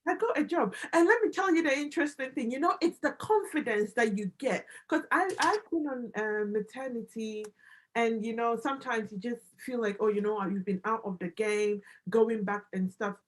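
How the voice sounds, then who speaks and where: Woman guest on a livestream, fairly high voice, emphatic, repeats herself, excited testimony. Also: moderate pace, poor audio. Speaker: guest, business analyst and immigration adviser.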